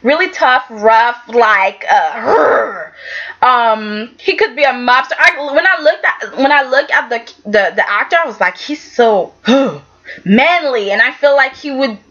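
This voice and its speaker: A woman's voice: high voice, normal speed, few pauses, sharp tone, muffled recording. A woman giving a casual, sassy recap of a soap opera episode, talking back to the characters.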